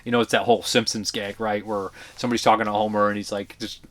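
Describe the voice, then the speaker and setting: Low-voiced man rambling through movie reviews. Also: level tone, fast talker. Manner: rambling, profane, many fillers and restarts; blunt opinionated talk. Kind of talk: casual review vlog.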